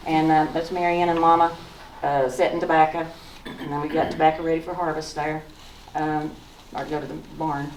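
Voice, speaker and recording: Southern woman in her sixties, low voice, folksy storyteller, echoey room, heard from a distance. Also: level tone, moderate pace, hardly any pauses, darkish tone, slight background noise. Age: 60s. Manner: folksy, storytelling, pointing at photos. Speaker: author giving a talk. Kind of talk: slideshow talk with personal memories. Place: museum lecture room.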